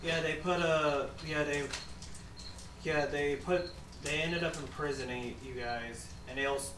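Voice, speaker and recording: A man playing in a tabletop game, speaking in a hesitant, halting way. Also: on the high side, steady tone. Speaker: player. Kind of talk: casual tabletop play. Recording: echoey room, distant mic, background noise.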